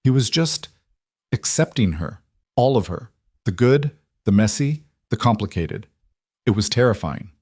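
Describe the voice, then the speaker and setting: A man narrating a romance story in a measured, even way. His voice sits low, and the recording is close and dry, with no room sound. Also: husky, dry recording. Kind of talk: scripted narration.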